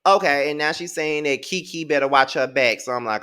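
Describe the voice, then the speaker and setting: A man in his thirties with a Mississippi Southern accent, recapping a reality show in a sassy, profane, animated way. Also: a little high, a little fast, clear, resonant tone. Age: 30s. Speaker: TV show reviewer. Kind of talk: casual recap commentary.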